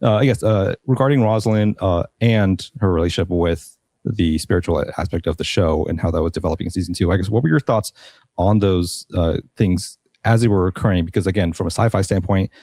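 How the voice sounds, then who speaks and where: A man hosting a casual panel discussion, thoughtful and unhurried, with many pauses and restarts. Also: low voice, dark tone, dry recording. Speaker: podcast host.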